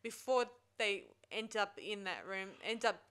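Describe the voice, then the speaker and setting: Bright, clear-voiced woman recapping a film. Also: mid-range voice, unhurried. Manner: rambling plot recap with frequent restarts. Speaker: film review podcast host. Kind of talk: casual chat.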